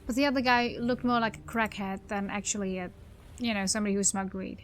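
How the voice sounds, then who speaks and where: A woman's voice: mid-range voice, steady tone, fast, slight background noise. A woman doing let's play commentary, rambling and thinking aloud as she plays. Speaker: video game player.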